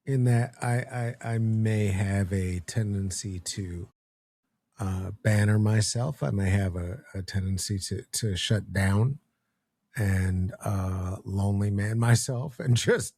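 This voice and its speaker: A man co-hosting a podcast, speaking in a halting, thoughtful way with many fillers and restarts. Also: on the low side, darkish tone, dry recording. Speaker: podcast co-host. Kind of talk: casual podcast conversation.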